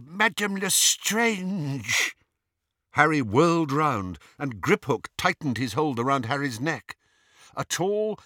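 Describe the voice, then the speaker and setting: A man narrating an audiobook in an expressive, storytelling manner. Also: fairly low pitch, no room sound, clean studio sound.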